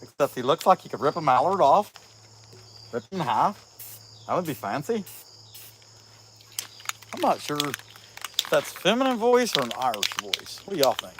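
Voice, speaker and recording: A middle-aged man talks easily to his stream audience as he works, reading their comments aloud. His voice sits a bit high for a man and sounds sniffly from a cold. Faint crickets and insects carry in from outdoors. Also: big pitch swings, moderate pace, pauses often, noisy background. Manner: laid-back, chatty, reads viewer comments aloud. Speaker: chainsaw carver streaming live. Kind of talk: casual livestream chat while working.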